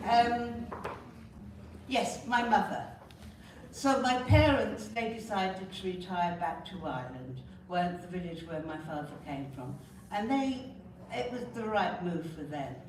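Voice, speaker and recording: A woman's voice: on the low side, slight background noise. A woman with a North London accent giving an earnest personal talk at a conference, often breaking off with apologetic asides. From North London, England. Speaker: conference speaker. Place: conference hall. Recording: very echoey hall, distant mic.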